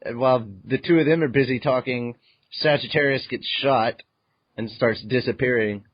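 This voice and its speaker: Animated man recapping a manga chapter. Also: mid-range voice, normal speed, highs cut off. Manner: animated, acts out his own reactions, swears freely. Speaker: podcast host. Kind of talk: casual manga recap chat.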